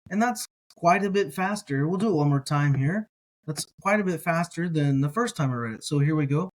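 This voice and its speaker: A man teaching a slow reading lesson in Hebrew, repeating each word several times and correcting himself as he goes. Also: a little high, lively intonation. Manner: careful, self-correcting.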